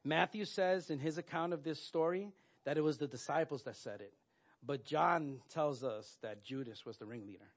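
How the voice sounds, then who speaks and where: A man preaching a sermon, earnest and direct, often restarting his sentences and filling pauses with "uh". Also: on the high side. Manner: earnest, with frequent fillers and restarts. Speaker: pastor.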